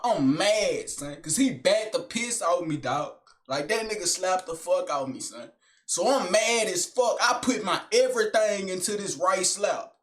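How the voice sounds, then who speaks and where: Young man, high-pitched voice, animated slangy storytelling, mumbled low asides. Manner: animated, slangy street talk with lots of filler tags. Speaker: vlogger. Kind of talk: casual storytelling monologue.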